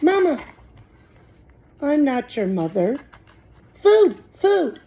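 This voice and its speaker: A woman reading aloud, voicing a tiny hungry baby gosling with high piping peeps. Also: big pitch swings, drawn-out words, gravelly, warm tone, full character voice.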